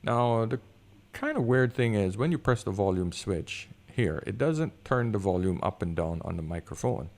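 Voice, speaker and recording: Deep gravelly man reviewing gear. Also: normal speed. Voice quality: deep bass voice. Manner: easygoing, excitable, talks with fillers. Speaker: product reviewer. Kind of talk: casual review chat. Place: room with high concrete ceilings. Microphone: desk condenser microphone.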